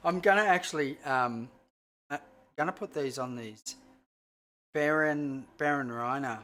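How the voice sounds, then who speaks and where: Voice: medium pitch, a little slow, a bit bright. Rambling, swearing chef cooking live. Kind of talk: casual cooking livestream chat. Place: home kitchen.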